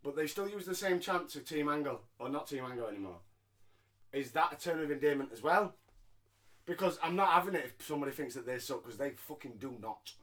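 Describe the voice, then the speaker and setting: High-voiced man recapping wrestling. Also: animated, brisk, fairly bright tone. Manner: sarcastic, swearing, jokey. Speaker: podcast co-host. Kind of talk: casual wrestling recap chat.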